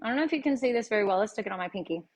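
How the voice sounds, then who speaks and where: A woman's voice: a little high, animated, rapid-fire, a little mellow, a little hiss or hum. Chatty woman cooking at home. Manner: chatty and folksy, often laughing, addressing viewers directly. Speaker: cooking show host. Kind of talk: casual live cooking demonstration. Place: home kitchen.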